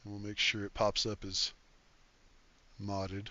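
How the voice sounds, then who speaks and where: A man's voice: fairly low pitch, completely flat delivery, a little slow, pushed and bright, muffled recording. An older man hosting a casual game livestream, reading chat aloud in an easygoing, folksy way and thanking viewers.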